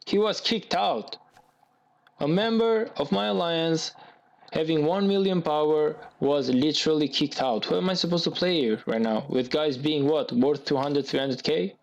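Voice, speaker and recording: Gravelly man ranting over gameplay. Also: fairly high pitch, moderate pace, dull audio. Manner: agitated, repetitive venting. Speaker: gaming YouTuber. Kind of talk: gameplay commentary rant.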